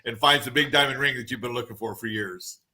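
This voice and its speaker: A man with a bright, forceful voice gives a casual guest report, running through items at an auctioneer's clip. He talks freely, with frequent fillers and restarts. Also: medium pitch. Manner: quick, auctioneer-like rundown with fillers. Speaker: guest treasure hunting reporter.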